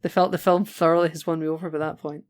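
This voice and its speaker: A man co-hosting a podcast, chatting casually and animatedly about a film, quick to laugh. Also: a little high, little pitch movement. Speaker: podcast co-host.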